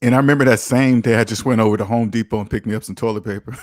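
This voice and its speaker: A man's voice: lowish voice, fairly even intonation, rapid-fire, a little mellow, dry recording, clean studio sound. A man hosting a casual finance livestream, reading viewer comments aloud and teasing them with a joking manner.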